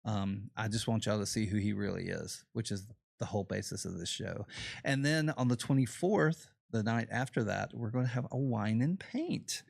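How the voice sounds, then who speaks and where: Gravelly easygoing Southern man host. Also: on the low side, moderate pace, a little mellow, no echo, clean studio sound. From Southern United States. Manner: easygoing, folksy, rambling. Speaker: show host. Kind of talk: casual livestream interview chat.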